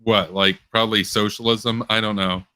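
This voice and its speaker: A young man hosting a casual online post-show chat, rambling and sarcastic, his pitch jumping up when he gets worked up. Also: flat delivery, normal speed, bright, forceful tone, clear, resonant tone, no room sound. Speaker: political commentary host.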